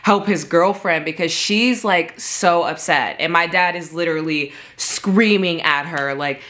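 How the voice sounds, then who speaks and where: A woman's voice: on the low side, measured pace, fairly bright tone. A woman telling a personal story in a casual storytime vlog, emphatic and peppered with "like". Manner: casual, emphatic, heavy filler "like". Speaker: vlogger.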